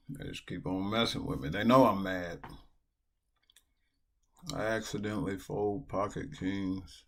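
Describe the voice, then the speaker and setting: A man's voice: low-pitched, takes it slowly, gravelly, long pauses, fairly bright tone. A man streaming online poker, talking casually and venting with a lot of swearing. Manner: profane, venting. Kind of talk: casual live-stream commentary while playing. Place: at a computer, indoors.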